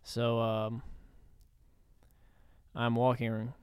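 A man trading dry, deadpan jokes as a podcast co-host. His voice is smooth and clean at a middling pitch, and it sounds dry and close with no room echo. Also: extremely slow. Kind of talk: casual chat.

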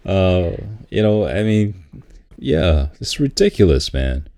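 A man in casual chat, laid-back and laughing often, repeating words when he gets excited. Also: deep voice, takes it slowly.

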